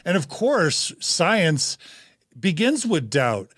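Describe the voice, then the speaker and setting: A man hosting a casual discussion over a video call, guiding the talk briskly. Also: fairly high pitch, very animated, fairly bright tone, breathy edge, no echo, studio quality. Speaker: podcast host.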